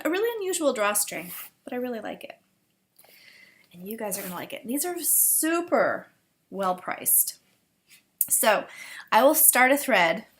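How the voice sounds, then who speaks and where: A woman's voice: medium pitch, fairly bright tone. A woman hosting a knitting podcast from home, chatting to the camera in a bubbly way with lots of fillers. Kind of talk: casual chat to camera.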